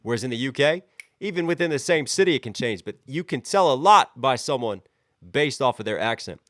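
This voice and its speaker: An energetic man talks through a rap track, stopping to unpack each line with lively commentary. His voice sits at an ordinary middle pitch. The sound is close and dry, with no room around it. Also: a little fast, dry recording. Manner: energetic, breaks down lyrics line by line. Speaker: reaction channel host. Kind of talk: music reaction commentary.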